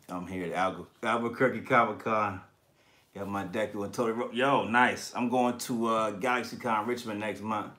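On his collectibles livestream, this host speaks at normal speed in a fairly low voice with a bright, forceful tone. He reads comments from viewers in slangy, profane chatter, laughing often.

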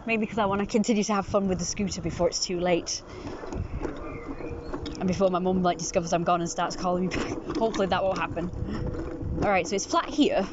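A woman's voice: fairly even intonation, a little fast, long pauses, highs cut off, noisy background. A British woman in a casual outdoor vlog, chatting to the camera while out on a scooter and cooing at a cat. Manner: coos in a high sing-song voice to a cat.

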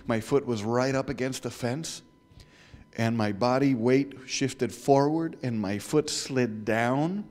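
A man telling a story to children in church, animated, asking the listeners questions and dropping to whispers. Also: mid-range voice. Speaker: guest speaker.

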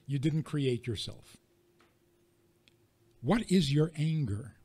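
A rabbi giving a teaching talk to an audience, leaning on rhetorical questions and wry everyday examples. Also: male voice, a little high, lively intonation, slow, dark tone, husky.

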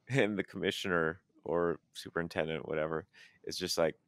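A man's voice: sits low, steady tone, moderate pace, no echo, clean studio sound. A man co-hosting a podcast who talks matter-of-factly about a movie and retells its scenes. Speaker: podcast co-host. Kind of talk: casual movie-discussion chat.

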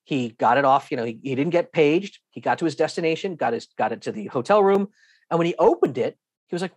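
A man giving an online lesson with slides, talking in a lively, emphatic way, acting out airline staff and repeating himself for emphasis. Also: on the high side, quick pace, no room sound. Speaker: guest instructor.

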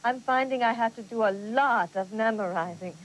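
A woman's voice: on the high side, moderate pace, natural voice, poor audio. An actress playing an earnest adult woman learning spelling, in a scripted educational TV lesson. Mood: curious.

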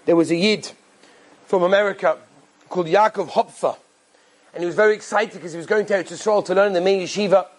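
A male rabbi telling an inspirational story in an animated way, repeating phrases for emphasis. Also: high-pitched, fast talker, soft background music, rough recording.

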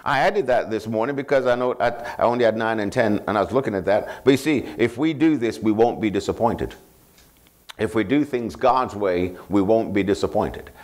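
Man preaching call-and-response sermon. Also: fairly low pitch. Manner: call-and-response, asking the congregation to finish his lines; repeats scripture references slowly and emphatically. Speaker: pastor.

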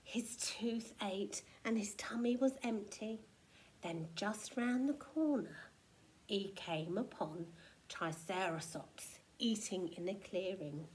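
A woman teacher reading a picture book aloud to children, animated and expressive, with hushed asides. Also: medium pitch, takes it slowly, a little hiss or hum.

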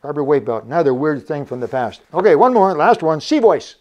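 Older man, chatty and jokey, lively up-and-down voice, dull lo-fi sound. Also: on the high side, fairly quick, noisy background. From Canada. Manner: chatty, jokey, laughs often. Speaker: vintage scuba show host. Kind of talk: casual show-and-tell presentation.

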